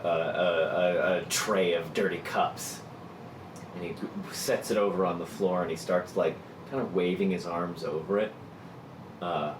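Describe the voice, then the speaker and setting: A man's voice: sits low, echoey room, background noise. A man narrating as the game master of a tabletop game, descriptive, with frequent fillers.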